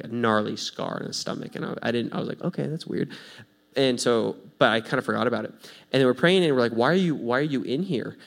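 A man preaching, telling a story in a casual, animated way, going from hushed to loud. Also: fairly low pitch, vocal fry. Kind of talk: sermon storytelling.

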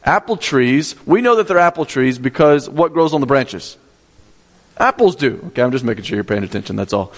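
A man's voice: medium pitch, animated, fairly quick, long reverb tail. A male pastor preaching a sermon, teaching step by step, repeating key points and asking the congregation questions.

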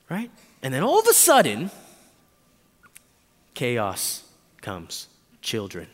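A man's voice: mid-range voice, big-room sound. A man preaching a sermon, telling stories with big voice swings and frequent asides to the audience. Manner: animated storytelling with quick voice swings, frequent "right?".

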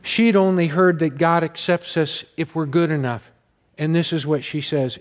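A man's voice: a little high, steady tone, normal speed. A man preaching a sermon as pastor, telling a story earnestly and repeating key words for emphasis.

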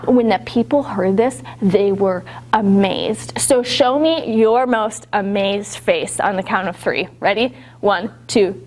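A woman leading an interactive Bible story for young children, animated and upbeat, prompting them to act along. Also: mid-range voice. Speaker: children's church teacher.

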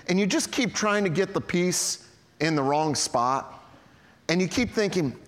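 A middle-aged man, a pastor preaching a sermon, telling stories to the congregation in a lively way and often calling them guys. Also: sits high, normal speed, big-room sound. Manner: storytelling, animated, addresses the congregation as guys.

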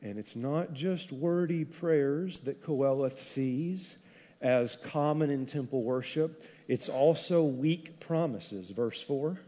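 A male pastor preaching a sermon in an animated, conversational way, with frequent asides to the congregation. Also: medium pitch, slow pace. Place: church sanctuary. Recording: dull, echoey hall recording.

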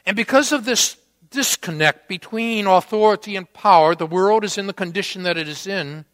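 A man's voice: a little high, bright, forceful tone. A man preaching a sermon, telling a story with dramatic acted quotes. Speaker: pastor. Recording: long church-hall reverb.

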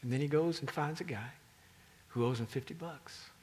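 A man's voice: on the high side, normal speed, heavy background noise. A male pastor preaching a sermon as a dramatic storyteller, often dropping into whispers for emphasis.

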